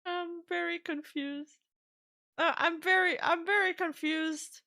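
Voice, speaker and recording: A woman streamer giving casual reaction commentary, excitable, laughing often and swearing. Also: very high-pitched, takes it slowly, vocal fry.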